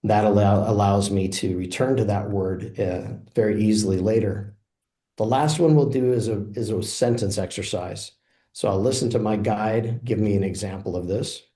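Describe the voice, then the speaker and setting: A man with a fairly low voice talks through a product demo, relaxed and explanatory as he clicks through each feature. The sound carries a noticeable roomy echo. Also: moderate pace. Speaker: software presenter.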